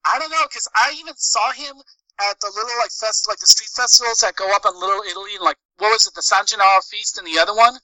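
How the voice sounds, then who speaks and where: A man's voice: sits high, quick pace, sharp tone, no echo, rough recording. A man, co-hosting a podcast in casual chat, rambling through stories with many fillers. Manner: rambling, filler-heavy storytelling. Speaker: podcast co-host.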